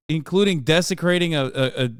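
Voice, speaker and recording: A man streaming, reacting to a video in a profane, animated riff. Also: on the high side, normal speed, smooth, no room sound, studio quality.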